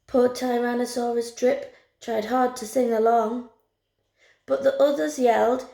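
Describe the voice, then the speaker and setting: A woman reads a children's picture book aloud in a slow, unhurried, expressive storytelling style. Her voice is a little high, with a gravelly edge. The recording is roomy and echoey. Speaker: teacher. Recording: roomy echo.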